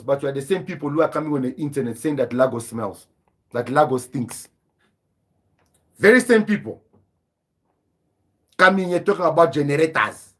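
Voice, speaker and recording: A man's voice: mid-range voice, lively intonation, fairly quick. A man hosting a live stream, lecturing in a combative, repetitive rant. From southern Africa. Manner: combative, lecturing, repeats himself for emphasis.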